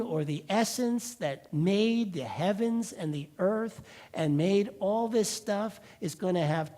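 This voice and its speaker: High-voiced man preaching with animated storytelling. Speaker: pastor. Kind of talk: sermon.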